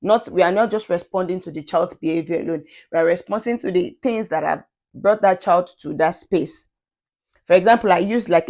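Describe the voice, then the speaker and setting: Low-voiced woman musing to camera. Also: darkish tone. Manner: thoughtful, restarts sentences, conversational asides. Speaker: parenting vlogger. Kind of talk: casual opinion monologue.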